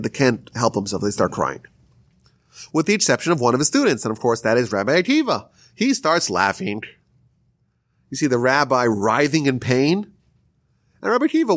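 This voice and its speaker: A man teaching a Talmud lesson, retelling the sages' story in a lively, storytelling way. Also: no room sound, clean studio sound. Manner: lively storytelling, rises high when telling the story. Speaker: Torah teacher. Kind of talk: explaining Talmud stories.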